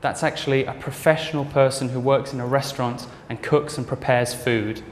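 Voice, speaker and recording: A man explaining English words in a mid-pitched voice, pausing to check in with the class. The sound is roomy, with a long hall reverb and faint noise behind it. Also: steady tone. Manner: explanatory, checking in with "okay" and "right". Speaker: English teacher. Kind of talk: demonstration language lesson.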